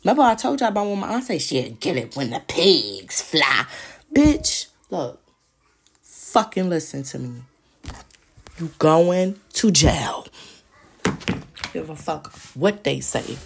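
Woman, solo podcast host, husky and raspy, heated profane ranting. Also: deep voice, big pitch swings, moderate pace.

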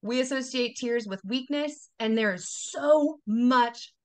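A woman's voice: fairly high pitch, takes it slowly. A woman in her forties, a wellness coach talking as a guest in a casual podcast interview, emphatic and motivational, repeating phrases for effect. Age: 40s.

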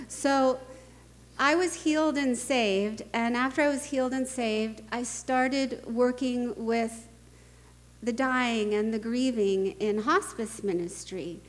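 A middle-aged woman speaking at a conference, telling anecdotes and jokes in an animated way and laughing often. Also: fairly high pitch, takes it slowly, long reverb tail. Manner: animated storytelling, laughs often, acts out quoted voices.

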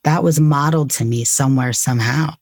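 A man with a gravelly, slightly husky voice talks candidly and earnestly as a podcast guest. His speech is casual and unpolished. The sound is dry and close. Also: medium pitch, a little fast, dry recording. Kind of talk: reflective conversation.

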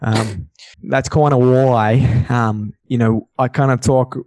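A man's voice: medium pitch, slow, slight background noise. A man from Australia with a partly Americanized accent, telling stories in casual chat and swearing freely. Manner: animated storyteller who swears a lot and mimics others.

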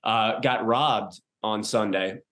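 A man's voice: fairly low pitch, slow, fairly bright tone. A man in his thirties hosting a podcast, talking loosely with lots of fillers and casual swearing. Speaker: podcast host. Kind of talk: casual chat.

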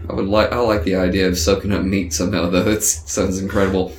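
A man's voice: low-pitched, level tone, fast. A man, talking crude, mocking banter with a friend. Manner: loud, crude, mocking, laughs often. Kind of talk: casual profane banter. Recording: roomy echo.

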